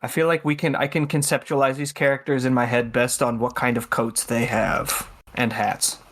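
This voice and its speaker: A man's voice: mid-range voice, level tone, normal speed, fairly bright tone. A man playing a tabletop game, describing his character's actions in a casual, rambling way with fillers. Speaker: player.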